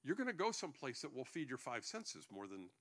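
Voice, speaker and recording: A man's voice: mid-range voice, sing-song, a little fast, a bit bright. A male pastor preaching a sermon to his congregation, joking between points and often restarting his sentences.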